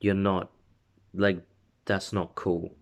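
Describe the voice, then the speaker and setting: A man voicing a calm, quietly heroic teenage boy who speaks in low-key, blunt lines. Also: slow. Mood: disappointed.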